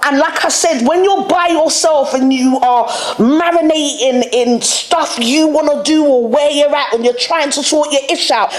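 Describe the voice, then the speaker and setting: A young woman hosting a solo podcast, animated and direct, laughing often and using plenty of slang. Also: high-pitched, echoey room. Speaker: podcast host. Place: studio room.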